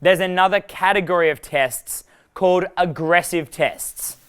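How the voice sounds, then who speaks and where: A man's voice: sits high, measured pace, a bit bright, smooth. A young adult man leading a live dating workshop, rambling and profane, laughing at his own jokes. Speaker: dating coach.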